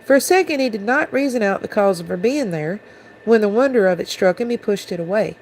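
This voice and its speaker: A woman reading a storybook aloud to her viewers at a mid-range pitch. She keeps the narration steady and even, with a faint hiss behind her. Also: fairly quick, poor audio. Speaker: channel host reading aloud.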